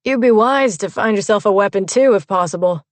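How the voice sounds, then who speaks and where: A woman voicing a calm, folksy armed man who speaks plainly and unhurriedly in a storybook reading. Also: medium pitch, brisk, dry recording, lightly acted. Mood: folksy, matter-of-fact.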